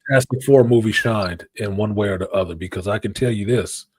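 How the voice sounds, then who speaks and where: A man hosting a casual pop-culture chat, animated and profane, with a husky voice. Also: lowish voice, brisk. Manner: animated, profane, puts on voices when quoting. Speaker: podcast host.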